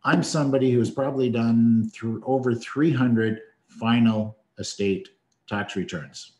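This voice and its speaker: A man's voice: medium pitch, fairly even intonation, unhurried, dark tone, echoey room. A man, an accountant, explaining taxes on a webinar in a plain-spoken way and checking in with "okay" as he goes. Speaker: accountant co-host. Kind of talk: explaining tax in a live webinar.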